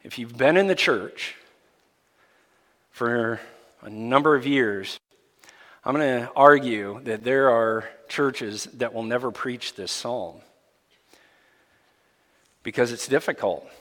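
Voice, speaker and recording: A man preaching a sermon as pastor, swinging from hushed, near-whispered lines to loud, heated ones. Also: medium pitch, slow pace, long pauses. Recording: long hall reverb.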